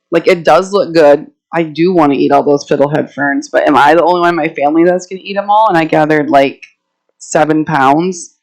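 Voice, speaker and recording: A woman's voice: fairly low pitch, poor audio. Chatty woman herbalist giving a talk. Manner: chatty and anecdotal, laughing often. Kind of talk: casual presentation to a live audience. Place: indoor meeting room, walking around while speaking.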